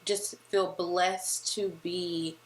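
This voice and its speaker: A woman co-hosting a casual podcast chat, telling stories in an animated way and acting out the lines people said. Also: lowish voice, drawn-out words. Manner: animated storyteller who acts out quoted lines. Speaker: podcast co-host. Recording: roomy echo.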